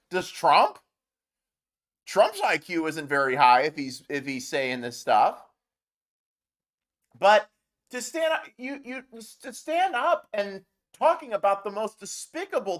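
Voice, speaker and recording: A man's voice: high voice, fairly bright tone. A man hosting a political commentary show, ranting in a heated, sarcastic way with mocking asides.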